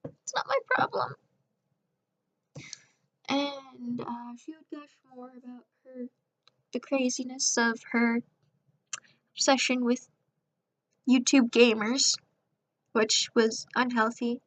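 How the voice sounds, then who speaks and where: A young woman with a somewhat high voice tells a casual, rambling storytime over a speedpaint. She is sarcastic and keeps jumping into raised voices to quote people. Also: little pitch movement, slow, pauses often.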